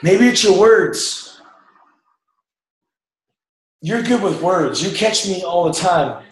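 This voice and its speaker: A man's voice: high-pitched, lively intonation, slow pace. A man giving an emphatic motivational talk to a group, coaching them to drop doubt. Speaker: motivational speaker. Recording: echoey room.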